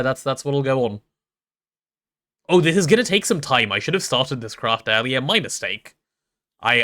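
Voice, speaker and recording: A man's voice: mid-range voice, pushed and bright. A man live-streaming a game, chatting casually and rambling as he reads chat and talks through his build.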